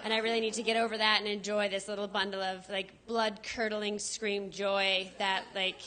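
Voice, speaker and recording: Brief: thirties woman stand-up, bright voice, dry and self-mocking. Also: mid-range voice, level tone, moderate pace. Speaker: stand-up comic. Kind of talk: stand-up set.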